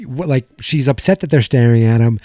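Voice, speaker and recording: A young man hosting a podcast, casually recapping a sitcom episode in a rambling, animated way. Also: medium pitch, brisk, no echo, clean studio sound, soft background music. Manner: rambling, animated retelling with quoted lines. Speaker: podcast host.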